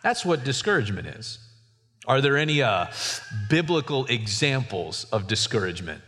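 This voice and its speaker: A man preaching a sermon as a pastor, swinging from soft asides to sudden high emphasis. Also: big pitch swings, moderate pace. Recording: hall reverb.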